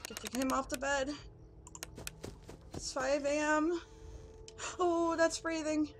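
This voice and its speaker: A woman's voice: high voice, steady tone, slow, soft background music. A woman doing horror game commentary, jittery and swearing constantly as she pleads with the game. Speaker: gaming youtuber.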